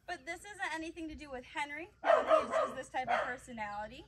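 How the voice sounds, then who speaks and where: A woman with a high voice works as a dog trainer, explaining each step of the session in a calm, clear voice. She praises the dogs often and warmly. The recording has clear background noise from outdoors. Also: normal speed, hardly any pauses. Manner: warm, encouraging praise mixed with calm explanation.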